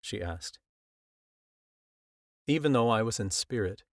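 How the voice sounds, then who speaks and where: A man narrating a first-person audiobook in a measured, earnest storytelling manner, close to the mic. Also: on the low side, expressive, no room sound. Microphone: close studio mic.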